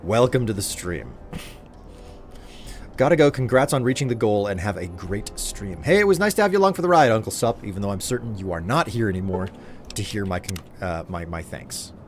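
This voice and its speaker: A man's voice: lowish voice, animated, fairly quick, soft background music. A young man from the Upper Midwest chatting casually and joking while reading his live stream's chat.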